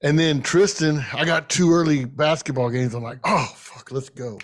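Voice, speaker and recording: A man's voice: fairly high pitch, fairly even intonation, moderate pace. A man in his thirties, a podcast co-host, ranting and joking with lots of swearing in casual sports betting chat.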